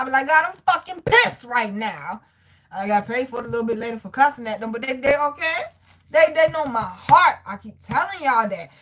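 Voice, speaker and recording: A woman gives a casual spiritual tarot reading, talking directly to her viewers and reading scripture aloud with emphatic, preachy force. She's blunt and profane, swinging between loud exclamations and low asides.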